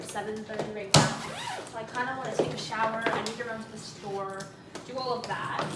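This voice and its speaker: Chatty, excitable young woman vlogging. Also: medium pitch, heavy background noise. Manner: chatty, excitable, blunt, swears freely. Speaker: travel vlogger. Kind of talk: casual vlog talk to camera. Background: background music.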